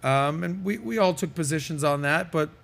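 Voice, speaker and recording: A man's voice: a little high, lively intonation, normal speed, vocal fry, fairly bright tone. Emphatic podcast host, a man. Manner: emphatic, opinionated, many fillers. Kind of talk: casual podcast commentary.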